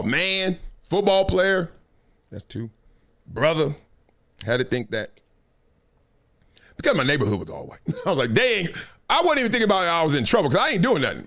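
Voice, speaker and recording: Animated high-voiced man telling a story. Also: a little fast, long pauses. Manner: animated, slangy, laughs often. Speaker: host. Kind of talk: casual live-stream storytelling.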